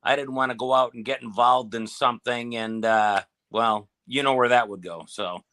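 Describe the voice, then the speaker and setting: Guest, man, Wisconsin accent, bright forceful tone, easygoing. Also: mid-range voice, fairly even intonation, moderate pace. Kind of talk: casual chat.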